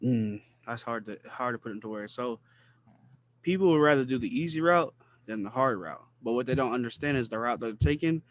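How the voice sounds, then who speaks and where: A man's voice: mid-range voice, animated, fairly quick. Earnest man talking on a podcast. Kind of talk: casual conversation.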